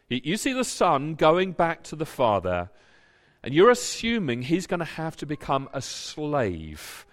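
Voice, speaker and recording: A man preaching a sermon and reading scripture, animated, often repeating words as he builds a point. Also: medium pitch. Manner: animated, repeats words when stirred, acts out quoted voices. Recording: long hall reverb.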